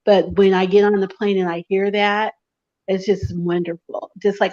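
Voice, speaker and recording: A woman's voice: mid-range voice, level tone, normal speed, mellow. Woman, mid voice, affirming chatter, muffled lo-fi call audio. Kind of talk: casual group chat. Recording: dull lo-fi audio.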